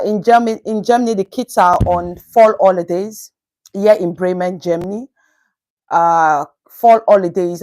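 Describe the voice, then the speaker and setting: A woman's voice: lowish voice, a little mellow, poor audio. A woman with a Nigerian accent hosts a casual livestream from home. She chats easily, greeting her viewers by name. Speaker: livestream host.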